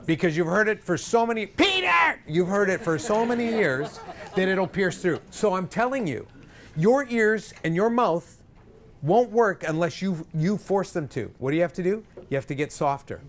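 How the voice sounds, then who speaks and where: A man's voice: high voice, animated, moderate pace, slight background noise. A man leading a choir rehearsal, counting in and singing short examples with energy. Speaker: choir director. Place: rehearsal room.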